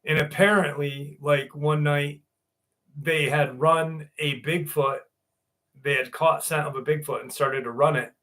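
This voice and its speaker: A man's voice: fairly high pitch, steady tone, measured pace, fairly bright tone. Rambling male live-stream host. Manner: loose, rambling, reads messages aloud and chats back. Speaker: live stream host reading viewer chat. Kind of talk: casual live-stream chat.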